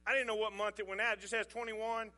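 A man's voice: high-pitched, level tone, fast talker, sharp tone. A middle-aged man, telling a folksy, chuckling story as a sermon illustration. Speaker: pastor.

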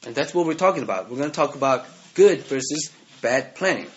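A man's voice: medium pitch, lively intonation, brisk. A man preaching a sermon as pastor, talking conversationally and often checking in with "right?". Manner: conversational, keeps asking "right?". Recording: dull lo-fi sound.

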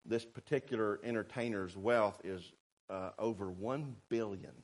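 A man preaching a sermon, fervent and swinging between shouted warnings and quiet asides. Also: on the low side, a little slow. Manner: fervent, rising to shouts, then quiet and sarcastic.

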